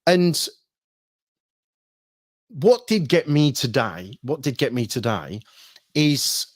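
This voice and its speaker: A man's voice: medium pitch, very animated, takes it slowly, no echo. Rambling, swearing man, dry sound. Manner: rambling, swears freely, frequent ums and restarts; acts out shouted quotes with sudden bursts. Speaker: hypnosis trainer recounting military past. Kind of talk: casual storytelling talk.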